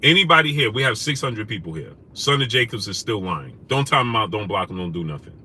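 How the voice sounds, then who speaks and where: Bright-voiced combative livestream host. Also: male voice, lowish voice, sing-song, a little fast, breathy edge. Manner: combative, rising to loud indignant questions; greets chat viewers by name. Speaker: live stream host. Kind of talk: livestream chat reading comments.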